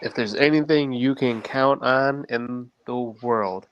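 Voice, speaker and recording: A man's voice: mid-range voice, takes it slowly, highs cut off, slight background noise. A man on a sports podcast panel, dry and teasing in his trash talk. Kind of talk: casual sports podcast chat.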